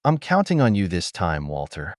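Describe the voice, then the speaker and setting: A man reading as a betrayed husband in an audio story, calm and cold with a sarcastic edge. His voice is low with a lively pitch, and the sound is dry. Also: moderate pace, dry recording.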